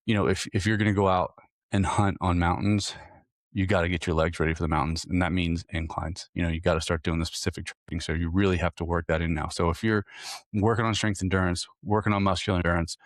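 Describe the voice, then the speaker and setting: A man with a deep, low voice hosts a casual podcast for hunters, explaining training in an earnest coaching tone. He often restarts phrases and repeats small words as he thinks aloud. The sound is close and dry, with no room echo. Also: steady tone, fast. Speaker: hunting fitness coach, podcast host. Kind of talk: casual solo podcast talk.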